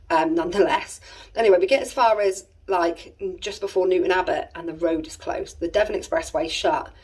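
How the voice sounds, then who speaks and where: A family vlogger in her thirties with an English accent rambles through a family story in casual chat, tossing in exasperated asides. Her voice is fairly low, darkish and slightly rough, and she sounds a little distant from the mic.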